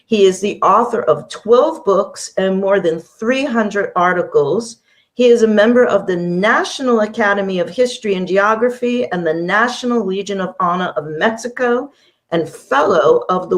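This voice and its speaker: A woman hosting an interview show, reading a formal introduction and asking questions. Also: medium pitch. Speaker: show host.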